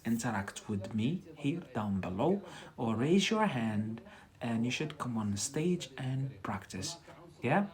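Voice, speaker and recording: A man teaches a live lesson at an unhurried pace. He repeats words over and over and checks in with a quick "yeah?", coaching like a patient tutor. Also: medium pitch. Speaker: English teacher. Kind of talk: livestreamed English lesson.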